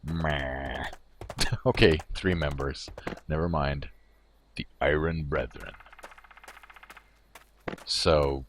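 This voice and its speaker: A man's voice: a bass voice, very slow, long pauses, noisy background. A male game streamer giving casual commentary. He rambles and thinks aloud, often amused at himself.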